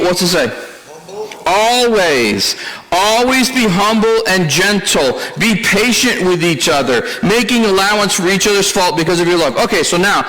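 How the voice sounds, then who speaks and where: Male pastor, higher register, conversational sermon delivery with self-deprecating humor, hall reverb. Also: sharp tone.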